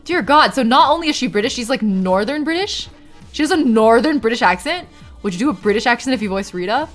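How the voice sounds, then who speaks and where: A woman streaming a video game, chatting casually and excitably, with sudden yelps and laughter. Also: fairly high pitch, fast talker. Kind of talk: casual gaming stream commentary. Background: faint game music.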